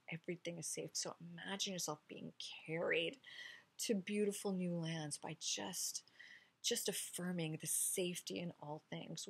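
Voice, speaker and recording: A middle-aged woman delivers a gentle spiritual sermon straight to her camera, her voice husky and pitched a little low. She talks softly and meditatively, often dropping into hushed, whispered affirmations. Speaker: pastor. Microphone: camera mic.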